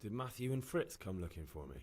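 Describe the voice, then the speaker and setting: An actor playing Henry, a young village lad who talks earnestly and a bit defensively. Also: male voice, on the low side, big pitch swings, fast, a crowd in the background. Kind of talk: game character dialogue.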